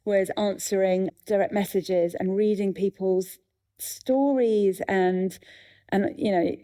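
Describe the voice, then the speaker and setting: A woman in her fifties talks in a live festival conversation. She tells stories with a quick, self-mocking humour. Her voice sits at an ordinary middle pitch. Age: 50s. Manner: lively, self-mocking storyteller. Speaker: guest comedian and author.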